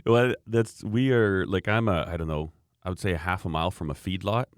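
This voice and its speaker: A man's voice: sits low, brisk, smooth, no room sound, clean studio sound. A man co-hosting a podcast, telling rambling, easygoing stories full of fillers. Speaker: podcast co-host. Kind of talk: casual chat.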